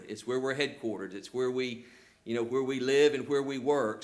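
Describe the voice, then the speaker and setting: An older man with a rural Southern accent, presenting his company at a public hearing and taking questions, earnest, with lots of "you know" fillers. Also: mid-range voice. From Georgia, US. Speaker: telecom company representative presenting.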